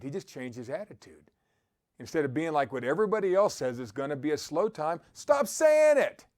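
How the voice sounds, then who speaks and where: Sitting high and a little mellow, this man's voice carries an upbeat motivational talk. He spurs his listeners on, laughs often, and cites scripture along the way.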